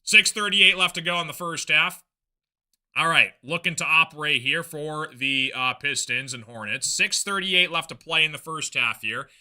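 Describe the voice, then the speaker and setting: Bright-voiced man calling live basketball. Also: a little high. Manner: rapid game calls mixed with casual chatty asides. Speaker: play-by-play streamer. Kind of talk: live play-by-play reaction commentary.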